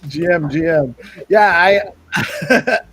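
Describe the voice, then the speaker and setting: Male guest from southern New England, slightly high voice, rambling and easygoing. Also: drawn-out words, a bit bright, dry recording. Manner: rambling, laid-back, chuckles while talking. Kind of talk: casual chat.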